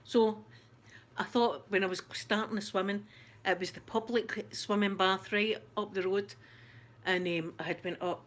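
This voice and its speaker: A woman's voice: mid-range voice, steady tone, unhurried. A middle-aged woman with a Scottish accent, a channel host in casual chat, laughing often as she tells stories. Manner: chatty, laughs often, storytelling.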